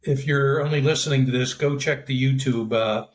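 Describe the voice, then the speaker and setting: A man hosting a podcast interview, joking in relaxed banter. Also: mid-range voice, normal speed. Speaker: podcast host. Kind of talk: casual interview chat.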